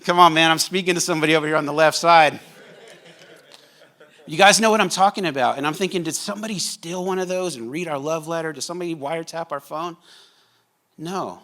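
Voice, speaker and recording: A male pastor preaches in a church in a loose, conversational way, teasing the congregation between points. His voice sits a little higher than most men's. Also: fairly quick, fairly bright tone. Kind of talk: sermon. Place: church sanctuary.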